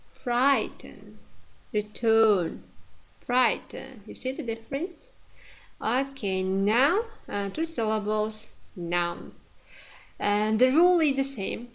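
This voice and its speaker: A woman with an Uzbek accent teaches English word stress in an unhurried, deliberate way. She pauses often with "uh" and says example words twice so they sink in. Her pitch sits in the middle of the range. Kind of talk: online lecture.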